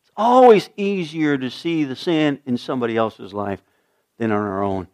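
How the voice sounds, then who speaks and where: Older pastor with a lively, swooping voice. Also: male voice, medium pitch, normal speed. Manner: earnest, swinging from loud emphasis to hushed asides. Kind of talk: sermon.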